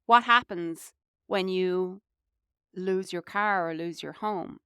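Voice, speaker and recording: A woman's voice: lowish voice, slow pace, a bit bright, clean tone, dry recording, clean studio sound. An Irish woman co-hosting a podcast, talking reflectively in casual conversation with lots of "you know"s. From Ireland. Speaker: podcast co-host.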